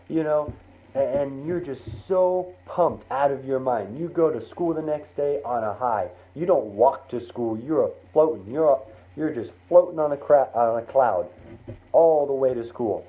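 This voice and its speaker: A man telling a motivational story in the second person, animated and acting out the scenes, heard over a tinny line. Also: medium pitch. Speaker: motivational speaker. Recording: tinny phone-like sound, faint noise.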